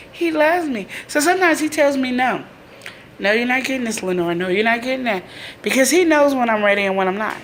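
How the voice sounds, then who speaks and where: A woman hosts her own live-streamed show and delivers an informal sermon straight to her viewers. Her voice sits at an ordinary middle pitch, but her preaching swings from loud, high emphasis down to soft, drawn-out lines. The talk stays homey and conversational throughout. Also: slight background noise. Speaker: host of a live video show; mother.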